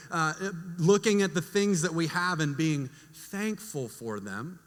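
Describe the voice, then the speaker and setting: A young man tells a story to a group of young adults and slips into voices for the people in it. His voice is bright and sits a little high. Long reverb from a large hall trails after his words. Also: unhurried, few pauses. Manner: animated storyteller, acts out family voices. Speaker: youth speaker.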